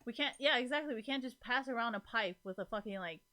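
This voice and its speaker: A woman streamer chatting casually to her live audience, rambling, swearing freely and filling nearly every pause with "like". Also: fairly high pitch, pushed and bright. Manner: rambling, profane, fills every gap with "like".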